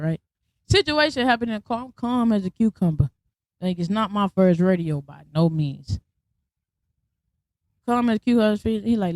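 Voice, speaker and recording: With a medium-pitched voice, moderate pace, and long pauses, this young woman tells a story on her podcast in a recording free of room sound. Her retelling is casual, blunt, and full of slang, and she brings the characters to life by voicing their lines.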